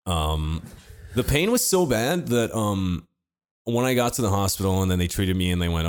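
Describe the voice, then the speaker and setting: A man's voice: deep voice, very animated, moderate pace, clean tone. A man casually telling a long personal story to friends, laid-back and swearing freely. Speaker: podcast co-host telling a story.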